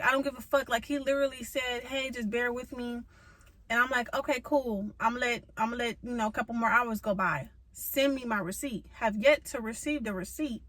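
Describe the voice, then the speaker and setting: A woman's voice: on the high side, a bit bright, no room sound, rough recording. A young woman telling a car-trouble story in a vlog, venting with profanity and emphatic rhetorical asides. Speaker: vlogger.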